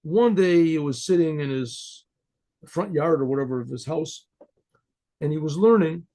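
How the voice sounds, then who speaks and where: A man, a rabbi, telling a Chassidic story in a conversational way, clearing his throat often. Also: a little high, moderate pace, warm tone.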